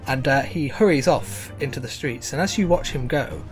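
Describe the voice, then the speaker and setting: A man narrating as game master of a tabletop game, relaxed and full of fillers. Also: mid-range voice, moderate pace, hardly any pauses, faint music behind.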